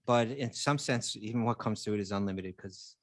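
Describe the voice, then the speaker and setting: A man's voice: lowish voice, brisk, no room sound. A man co-hosting a casual spiritual chat, earnestly explaining his ideas and building his points step by step. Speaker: co-host.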